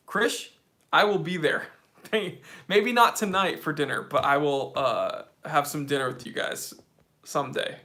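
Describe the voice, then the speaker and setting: A man's voice: on the high side, lively intonation, unhurried, long pauses, sharp tone. A man hosting a casual live question-and-answer stream about watches, chatty and rambling with frequent fillers. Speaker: watch channel host.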